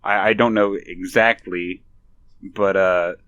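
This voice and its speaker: A man co-hosting a podcast, chatting in a relaxed, knowing way as a fan of the show. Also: sits low, slow pace, clean tone, dry recording, highs cut off. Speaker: podcast co-host. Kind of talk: casual podcast discussion.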